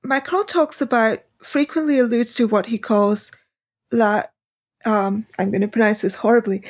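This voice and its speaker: A woman's voice: fairly high pitch, normal speed. A woman hosting a podcast interview, talking casually and hesitantly with many ums and restarts. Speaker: podcast host; freelance translator.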